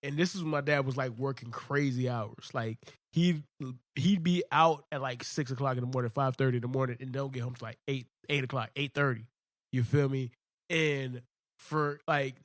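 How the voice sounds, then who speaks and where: A young adult man hosting a podcast, telling a childhood story in slangy, animated casual talk. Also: medium pitch, moderate pace, dry recording, studio quality. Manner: animated storyteller, slangy, says "bro" often. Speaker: podcast host.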